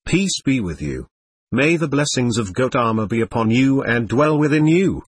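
A man voicing an ancient, frail male hermit with a dry, cracked voice and a mild, gentle manner in a storybook reading. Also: mid-range voice, expressive, normal speed, slightly rough, dry recording.

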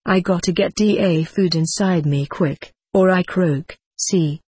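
A reader voicing a grey, shifty-eyed old tramp who speaks in a hoarse, anxious voice with rough slang in a storybook. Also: mid-range voice, unhurried, a little mellow, dry recording, studio quality.

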